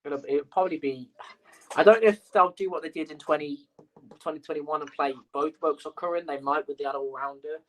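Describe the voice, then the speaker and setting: A man's voice: fairly high pitch, fairly quick, fairly bright tone, rough recording. A man hosting a sports podcast, thinking aloud with lots of fillers in casual chat. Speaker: podcast host.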